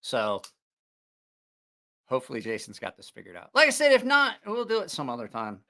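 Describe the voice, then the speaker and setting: Hosting a knife channel livestream, this man talks quickly in a medium-pitched voice that swoops wildly, with a sharp edge to it. His casual chat rambles, and he keeps correcting himself and cracking jokes.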